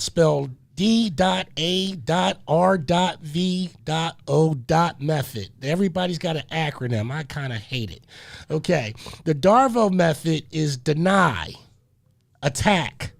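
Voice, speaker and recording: A male community radio host with a high, gravelly voice. He talks in a preachy way, repeating phrases and breaking off with hold on, wait a minute. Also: expressive, unhurried.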